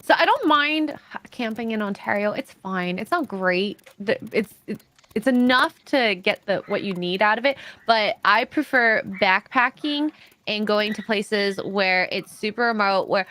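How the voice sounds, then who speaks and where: A woman's voice: medium pitch, measured pace, fairly bright tone. A woman from Canada hosting a casual live stream chat, talking in a chatty way with frequent laughs and fillers.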